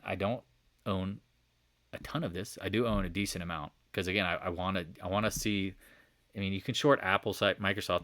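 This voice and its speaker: A man giving a casual, animated stock market recap over charts, joking and swearing as he goes. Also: fairly low pitch, no room sound. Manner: animated, profane, joking asides.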